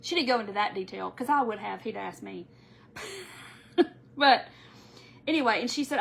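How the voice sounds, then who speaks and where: Woman, middle-aged, higher pitch, rambling story, live craft tutorial host. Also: normal speed, creaky, long pauses. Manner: rambling, animated, addresses viewers as y'all.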